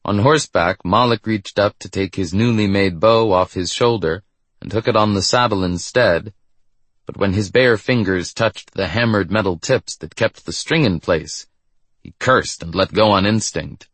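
Low, husky male audiobook narrator. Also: normal speed, fairly bright tone, no echo. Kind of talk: scripted narration.

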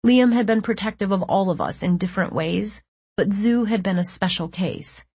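A woman reading first-person fiction aloud, with tense and measured storytelling. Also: mid-range voice, darkish tone, husky, no echo. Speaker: audiobook narrator.

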